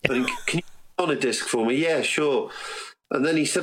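A man's voice: on the high side, normal speed, a bit bright, slight background noise, rough recording. A man, a podcast guest, telling long casual stories with many restarts and acting out what others said to him. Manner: rambling anecdotes, acts out quoted dialogue. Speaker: podcast guest, recording engineer. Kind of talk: casual storytelling interview.

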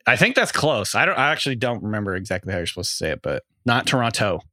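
Bright-voiced man explaining fantasy football. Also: fairly low pitch, big pitch swings, racing, no room sound, studio quality. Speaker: podcast co-host, fantasy analyst. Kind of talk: casual sports chat.

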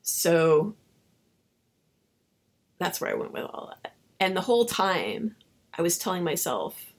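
A woman novelist being interviewed, telling stories in an animated way and acting out her own dialogue. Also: lowish voice, takes it slowly, long pauses. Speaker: novelist guest. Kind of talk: casual interview storytelling.

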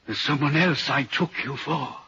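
In a dull old 1940s radio drama, an actor plays a haunted, uneasy railway signalman earnestly recounting a ghostly sighting. His medium-pitched voice moves at normal speed with a sharp tone and sounds close to an everyday voice. The recording carries a little hiss or hum.

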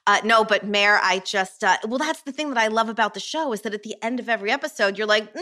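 Bright-voiced woman gushing casually. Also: medium pitch, fast. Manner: gushing, says "like" often. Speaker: podcast co-host. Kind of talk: casual chat.

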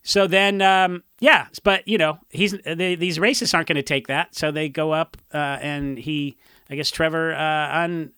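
A man from Orange County, a punk musician, telling rambling, animated stories in a casual interview and acting out what others said. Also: fairly high pitch, normal speed, clear, resonant tone, dry recording, studio quality. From Orange County, California. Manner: rambling, animated storytelling with acted-out quotes.

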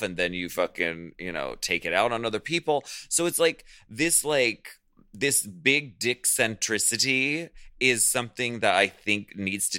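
A man co-hosting a podcast in casual chat, frank and animated, talking in "like"-filled runs. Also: on the low side, smooth, no room sound, clean studio sound. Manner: animated, frank, peppered with "like" and "fierce". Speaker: podcast co-host.

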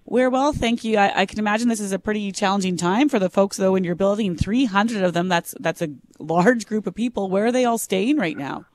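A woman's voice: mid-range voice, a little fast, few pauses, darkish tone, dry recording. A woman co-hosting morning radio, chatting and laughing, then politely interviewing a guest. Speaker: radio host.

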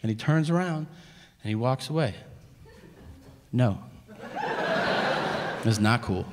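A man's voice: medium pitch, lively intonation, takes it slowly, big-room sound. A man doing stand-up storytelling on stage, profane and exasperated, with sarcastic asides. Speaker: stand-up comedian. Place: comedy venue stage. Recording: live stage with background noise.

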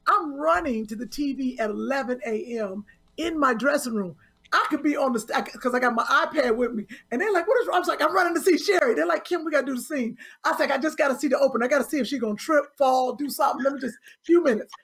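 A woman co-hosting a comedy podcast, teasing her partner loudly and playfully in casual chat. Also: high voice, fast, breathy edge. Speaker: co-host.

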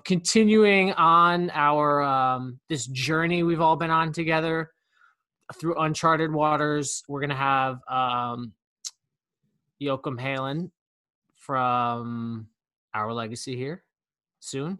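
A man's voice: on the high side, steady tone, measured pace, sharp tone, clear, resonant tone. A man co-hosting a podcast in casual chat, rambling with lots of fillers. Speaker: podcast co-host.

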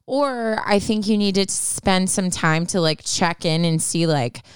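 A woman's voice: lowish voice, measured pace, clean tone, no echo, clean studio sound. A woman co-hosting a casual advice podcast, talking in a chatty, reassuring way with many fillers. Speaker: podcast co-host giving advice.

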